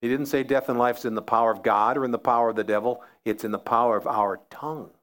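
A man's voice: medium pitch, steady tone, fast talker, a bit bright. A man preaching a sermon as pastor, building emphasis through repeated phrases.

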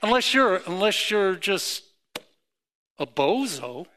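Bright-voiced, slow, emphatic male preacher. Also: big pitch swings. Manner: emphatic preaching with rising pitch and repeated phrases. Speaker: pastor. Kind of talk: sermon.

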